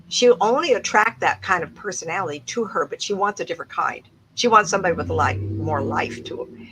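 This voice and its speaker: A woman in her seventies, a psychic medium giving a casual talk to an audience, animated and laughing often as she acts out other people's voices. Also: low voice, husky, poor audio. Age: 70s.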